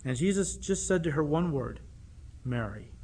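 A man's voice: on the high side, brisk, darkish tone, breathy edge. A man preaching a sermon in an earnest way, often asking his listeners rhetorical questions.

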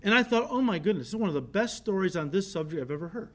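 A middle-aged man, a pastor, preaching a sermon and telling a story with lively swings from loud to quiet. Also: high-pitched, rapid-fire. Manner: storytelling with animated shifts in volume, laughing.

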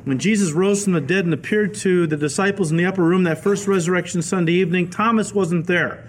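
A male pastor giving a radio Bible teaching sermon, telling the stories in a lively way and acting out the quoted voices. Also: sits high, fast talker, a little hiss or hum. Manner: animated storytelling, acts out quoted voices.

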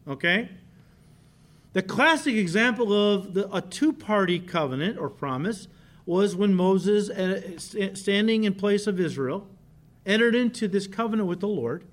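A man preaching a sermon as a pastor, animated, often stopping to say "listen" and "okay". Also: sits high.

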